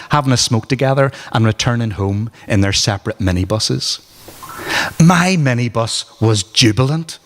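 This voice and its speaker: A man with a Northern Irish accent reading aloud from his memoir at a book launch, in a dry, wry storytelling manner. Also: medium pitch. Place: arts centre hall at a book launch. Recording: reverberant hall.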